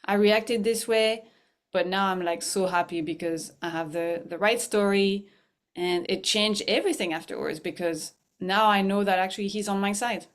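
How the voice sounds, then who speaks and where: A middle-aged woman guest talks about mindfulness in a loose, conversational way. She laughs often and trips over her words while she tells a story. Her voice sits at a medium pitch. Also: fairly even intonation, moderate pace. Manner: chatty, laughs often, many restarts and fillers.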